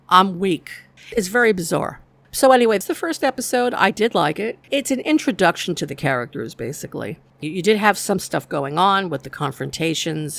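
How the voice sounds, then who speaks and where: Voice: mid-range voice, creaky, a bit bright. A TV show reviewer giving a chatty, casual recap of an episode's plot, with the odd light laugh.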